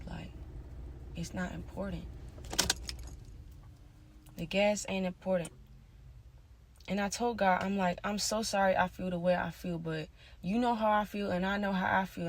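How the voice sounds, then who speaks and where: A woman talking in a casual confessional monologue, rambling and slangy with constant fillers, drifting between soft mutters and louder bursts. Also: on the low side, steady tone, fairly quick, a little hiss or hum. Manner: rambling, slangy, many "like" and "you feel me". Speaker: vlogger.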